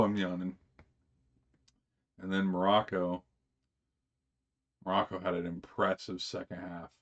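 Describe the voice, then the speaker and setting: A man with a very low voice talks casually on a live stream, rambling with fillers and restarts. The sound is dull and slightly muffled. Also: darkish tone.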